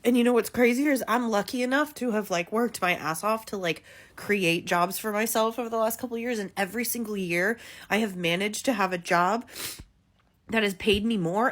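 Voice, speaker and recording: A woman in her thirties, a mother, venting in an exasperated vlog rant full of swearing that climbs to near shouts. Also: mid-range voice. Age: 30s. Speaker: mother venting about costs.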